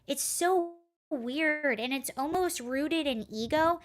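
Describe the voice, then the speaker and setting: A woman's voice: high voice, slow. A woman hosting a live stream from home, rambling casually, telling a story and reading comments from chat. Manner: chatty, rambling, reads chat aloud. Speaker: livestream host.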